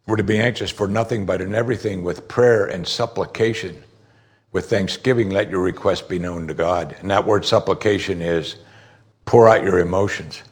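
Husky male preacher, conversational. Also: on the low side. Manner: conversational preaching, rises sharply when emphatic. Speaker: pastor. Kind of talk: sermon.

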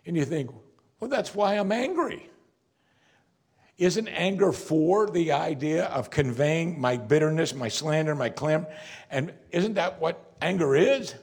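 A man's voice: on the high side, measured pace, breathy edge. A man preaching a sermon in a church, asking his listeners direct questions. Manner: animated, questions the congregation directly.

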